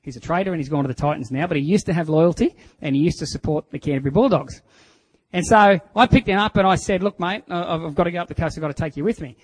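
Middle-aged man, Australian accent, high-pitched, lively sermon delivery, acts out voices. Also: fast, poor audio. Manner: animated storytelling, acts out voices, swings from hushed to loud. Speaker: pastor.

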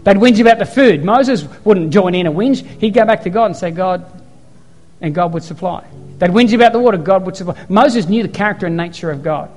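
Preaching briskly in a high voice with a darkish tone, a pastor fills a big room with sound. He relies on stories, acting out the people he quotes, and repeating his points emphatically.

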